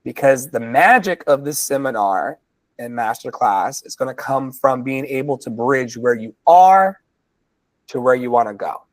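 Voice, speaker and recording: A man co-hosting a motivational masterclass, talking in an unhurried, drawn-out way. His delivery is folksy and emphatic. The sound is dry and close, with no room around it. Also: medium pitch, lively intonation, no room sound, poor audio. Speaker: co-host of a coaching masterclass. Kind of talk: motivational talk to an online audience.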